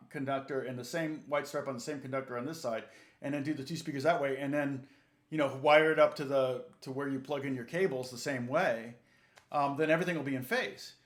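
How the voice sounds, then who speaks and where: A man's voice: on the high side, roomy sound. A man, a guitar teacher telling a rambling story in casual livestream chat and acting out both sides of a conversation.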